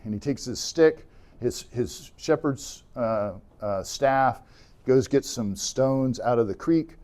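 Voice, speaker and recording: Taking his time, a man with a medium-pitched voice retells stories for an adult church class. His casual, animated delivery includes acting out what the characters say, plus frequent fillers.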